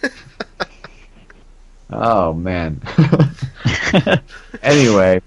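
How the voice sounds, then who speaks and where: A man's voice: lowish voice, very animated, drawn-out words, slightly rough. A man hosting a podcast casually, chuckling often as he steers the talk. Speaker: podcast host. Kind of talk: casual chat.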